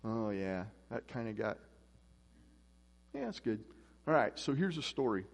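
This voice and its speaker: A man's voice: lowish voice, very animated, measured pace, creaky. A man preaching a casual, conversational sermon as pastor, acting out voices in his stories. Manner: conversational, acts out quoted voices. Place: church. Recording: echoey church hall.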